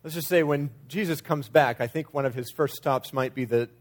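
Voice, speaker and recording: A pastor preaches in a conversational way, speaking at normal speed in a mid-range voice. At times he acts out quoted lines, shifting his emphasis.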